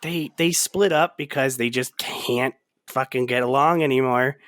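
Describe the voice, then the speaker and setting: A man's voice: mid-range voice, measured pace, fairly bright tone, dry recording, clean studio sound. A man in his late twenties co-hosting a podcast, bluntly riffing on a bad movie with frequent swearing and laughter. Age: 20s. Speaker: podcast co-host. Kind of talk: casual movie discussion.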